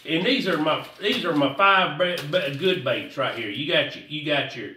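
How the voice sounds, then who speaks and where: A man's voice: fairly high pitch, animated, moderate pace, bright, forceful tone, roomy sound, recorded from a distance, a little hiss or hum. A man giving a casual, rambling fishing how-to, repeating himself in a folksy way. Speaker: fishing vlogger.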